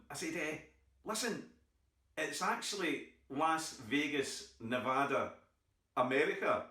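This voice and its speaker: A man's voice: fairly high pitch, pushed and bright. A middle-aged man with a Scottish accent doing a stand-up routine, telling stories and acting out the other people in them. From Scotland. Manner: storytelling, acting out others' voices. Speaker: stand-up comedian. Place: theatre stage. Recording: echoey theatre from far off.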